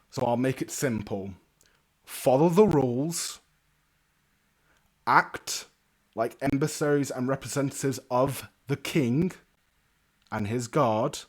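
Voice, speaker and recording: A grizzled older knight, as a man puts him on who speaks in a slightly low, subdued voice. His delivery is formal and clipped, and he gives orders with steady authority.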